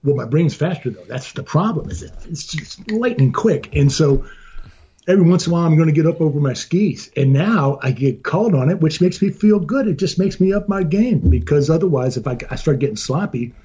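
A man guesting on a podcast in casual chat, talking fast and rambling, poking fun at himself and swearing now and then. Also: on the high side, animated, warm tone, slightly rough, lo-fi sound. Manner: rapid, rambling and self-deprecating, with casual swearing.

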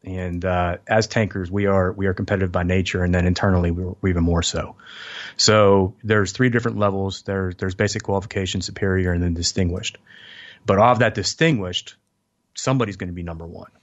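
A man, a former tank officer, tells his service stories fast and with energy, slipping into the voices of the people in them. His voice sits a bit low. The sound is dull and lo-fi. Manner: animated, quotes others in his stories. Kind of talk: storytelling in a casual interview.

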